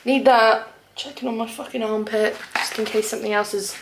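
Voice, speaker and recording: Young woman, casual vlog, gravelly tone, slightly high voice, noisy outdoor phone audio. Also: fairly even intonation, fairly quick. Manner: chatty, self-mocking, swears freely; often drops to a soft near-whisper. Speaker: vlogger. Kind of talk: casual vlog chat to camera. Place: holiday terrace outdoors in a breeze.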